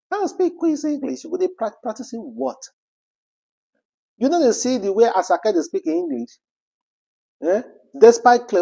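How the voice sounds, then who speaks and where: Chatting about celebrity news, a Nigerian-accented man speaks with a voice that sits high yet has a dark tone. He's passionate and casual, asking the same rhetorical questions again and drifting into Pidgin.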